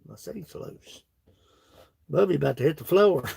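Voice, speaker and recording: A man's voice: a little high, expressive, unhurried, vocal fry, darkish tone, slight background noise. A man with a Kentucky accent chatting casually with his livestream viewers in a folksy, laughing country drawl. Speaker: woodworking livestream host. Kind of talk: casual chat reading live comments.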